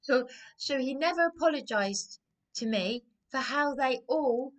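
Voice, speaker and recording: A woman with a fairly high voice, holding forth in a slow, aggrieved rant. She rambles and circles back over her own words, agitated throughout. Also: expressive. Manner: rambling, agitated, repeats herself. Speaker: vlogger. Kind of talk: aggrieved personal rant to camera.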